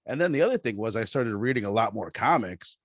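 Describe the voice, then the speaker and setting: A man's voice: on the low side, expressive, fast, dry recording, studio quality. A man chatting casually as a podcast guest, rambling and often restarting his sentences.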